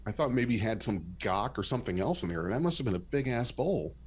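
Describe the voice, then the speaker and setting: Animated, teasing podcast co-host. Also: male voice, fast talker, crowd noise. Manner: playful teasing, animated, jumpy pitch. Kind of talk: casual chat.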